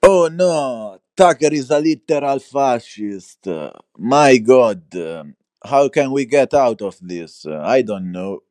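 A man's voice: mid-range voice, expressive, slow, darkish tone, no echo, pitched above the performer's own voice. A man voicing a sardonic, exasperated male forum poster in a raised mock voice. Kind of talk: mock voice reading a post.

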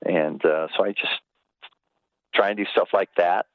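A man's voice: sits low, normal speed, no echo, phone-quality sound. An older man from Los Angeles, a former baseball trainer, telling stories in a casual chat and putting on voices for the people in them. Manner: animated, puts on voices in anecdotes. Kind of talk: casual storytelling.

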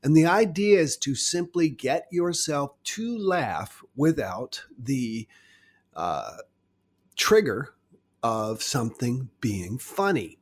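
A middle-aged man gently coaching listeners through a stress-relief exercise in a guided self-help talk. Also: mid-range voice. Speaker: wellness guide.

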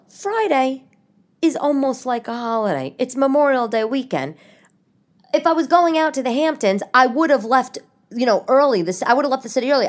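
A woman hosting a podcast from her living room, a comedian telling stories in a rambling, animated monologue, restarting and swearing often. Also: on the high side. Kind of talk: casual comic monologue.

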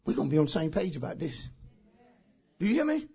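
A man preaching a sermon as pastor, shouting out lines and calling for responses from the congregation. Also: on the high side, very animated, fast, slightly rough.

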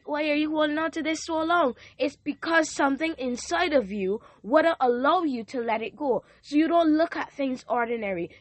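A woman's voice: sits high, no room sound. A woman hosting a devotional podcast, preaching fervently and reading scripture aloud as her voice starts to go. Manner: fervent, builds to loud exclamations, reads scripture aloud. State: losing her voice. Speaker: podcast host giving a devotional. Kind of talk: informal preaching.

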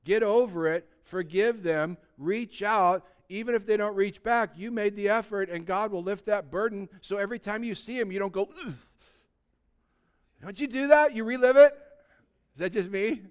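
A man in his sixties preaching a sermon, animated and conversational, swinging between loud emphasis and hushed, quiet lines, and asking his congregation rhetorical questions. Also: sits high, normal speed, smooth. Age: 60s. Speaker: pastor.

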